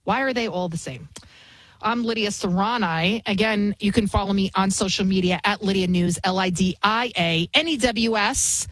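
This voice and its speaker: A woman's voice: medium pitch, moderate pace, a bit bright, dry recording, low-quality recording. A woman in her forties hosting a talk radio show, ranting with heated indignation. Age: 40s. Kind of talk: opinionated talk radio monologue.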